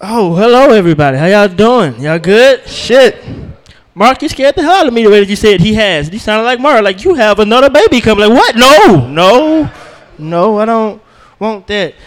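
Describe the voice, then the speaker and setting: A man's voice: high voice, very animated, moderate pace, big-room sound. A man doing a rambling, profane stand-up set at an open mic night. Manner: loose, profane, rambling storytelling with y'all. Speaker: stand-up comedian. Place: comedy club open mic.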